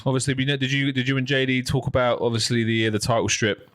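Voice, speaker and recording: A man's voice: medium pitch, fairly even intonation, fast talker, a bit bright, dry recording, clean studio sound. A man from near London with a southern English accent, co-hosting a podcast in a chatty way and calling his partner "man" and "mate". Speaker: podcast co-host. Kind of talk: casual chat.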